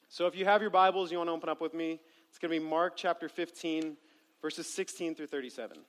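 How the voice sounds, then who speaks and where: A man preaching and reading scripture aloud in an earnest, emphatic way, often dropping low and quiet at the ends of phrases. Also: steady tone, fast. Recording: long reverb of a hall.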